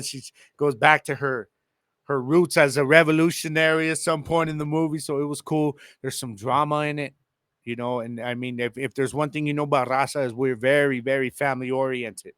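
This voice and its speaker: A man hosting a casual solo podcast with a Chicano English accent, talking to his listeners in a lively, slangy way. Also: mid-range voice, clean tone, no echo, studio quality. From El Paso, Texas. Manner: animated, slangy, addresses listeners directly. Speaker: podcast host.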